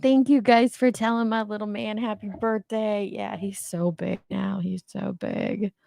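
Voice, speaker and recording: Chatty gravelly grandma streamer. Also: female voice, medium pitch, steady tone, unhurried, dark tone, dry recording, studio quality. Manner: chatty, greets viewers, laughs often. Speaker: livestream host. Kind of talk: casual live chat.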